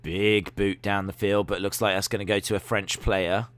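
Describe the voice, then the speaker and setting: A man hosting a live football watch-along, reading out viewer comments and reacting with loud excitement to the play. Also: fairly low pitch, normal speed, clear, resonant tone. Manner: reads viewer comments, excitable shouting at goals.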